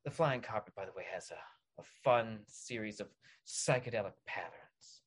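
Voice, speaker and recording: A man hosting a comic guided visualization, speaking in a deadpan mock-soothing way and rambling with restarts. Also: lowish voice, normal speed. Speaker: podcast host.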